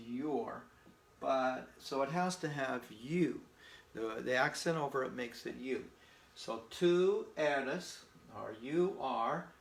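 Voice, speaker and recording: Man, language teacher, folksy and patient, gravelly voice, echoey room. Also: mid-range voice, fairly bright tone. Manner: slow, patient, folksy explaining with memory tricks. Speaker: Spanish teacher. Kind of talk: informal language lesson.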